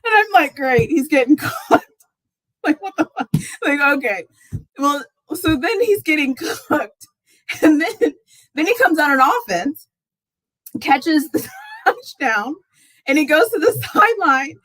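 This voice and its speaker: A woman chats on a live sports stream in a high, lively voice that swoops way up when she gets worked up. She laughs through her sentences and exclaims often. The sound is dry and close. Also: slow pace, long pauses, no room sound, poor audio. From Texas fan, not origin. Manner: animated, laughs often, exclaims in rising squeals. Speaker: sports talk livestream host. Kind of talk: casual live chat.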